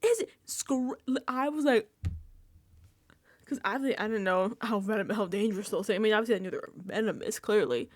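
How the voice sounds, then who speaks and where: A young woman chatting casually on a reality-TV recap vlog, animated and laughing, acting out quotes and swearing freely. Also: mid-range voice, a little fast, no echo, clean studio sound. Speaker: recap vlogger. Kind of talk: casual reality-TV reaction chat.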